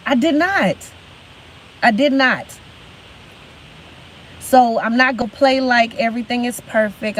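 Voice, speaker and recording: Young woman, live-stream host, emphatic motivational talk on a phone mic, soft background hiss. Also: medium pitch, rough recording. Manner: emphatic, repeats phrases for emphasis. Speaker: livestream host.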